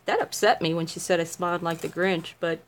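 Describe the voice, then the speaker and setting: A woman's voice: fairly low pitch, steady tone, fairly quick. Giggly, chatty middle-aged woman. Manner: giggly, chatty and self-mocking. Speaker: craft video maker. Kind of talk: casual livestream chat.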